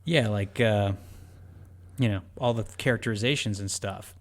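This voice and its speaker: A man's voice: fairly low pitch, normal speed. Chatty man riffing on a movie. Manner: animated storyteller, acts out quotes in silly voices. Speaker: podcast co-host. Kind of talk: casual chat.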